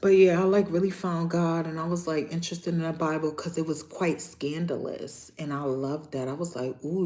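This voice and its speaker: Low-voiced New York woman chatting live. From Niagara Falls, New York. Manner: loud, playful, street slang, swears freely. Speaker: livestream host. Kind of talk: casual livestream chat answering viewers.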